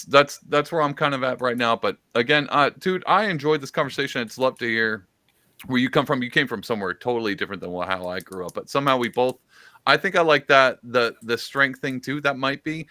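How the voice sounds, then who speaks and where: A man hosting a podcast, talking in a casual, relaxed way. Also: medium pitch, fairly quick, no room sound. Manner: casual, relaxed, uses slang like dude. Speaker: podcast host. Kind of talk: casual political chat.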